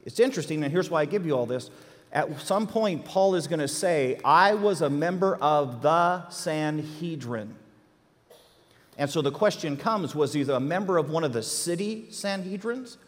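A man teaching an interactive Bible class, animated and quizzing his listeners with questions. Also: fairly high pitch, moderate pace, long reverb tail.

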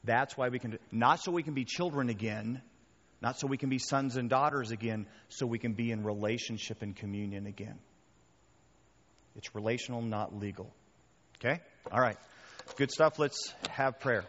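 A male pastor preaching a sermon in a conversational, animated way, often checking in with the crowd. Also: medium pitch, normal speed. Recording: reverberant hall, dull muffled sound.

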